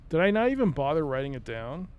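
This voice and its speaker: A man's voice: fairly high pitch, big pitch swings, fast talker, smooth, muffled recording. A man streaming a puzzle game live, thinking aloud in a rambling, self-mocking way and chatting with viewers. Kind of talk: casual live-stream commentary.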